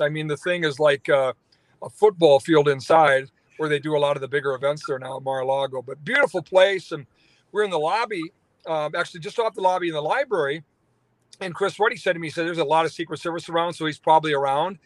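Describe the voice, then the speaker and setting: A radio talk show host with a fairly high voice talks a little fast, with no echo in the recording. His long phone-in story wanders, packed with fillers and restarts.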